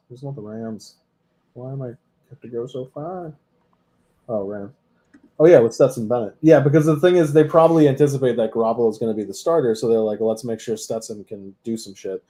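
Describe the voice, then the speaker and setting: A man's voice: mid-range voice, normal speed, mellow. A man co-hosting a sports podcast in casual chat, laid-back, reading out stats and making dry quips.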